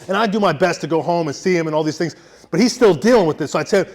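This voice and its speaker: A young man telling a personal story on stage, intense, swinging from loud shouting to hushed quiet. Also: a little high, animated, fast. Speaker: veteran storyteller.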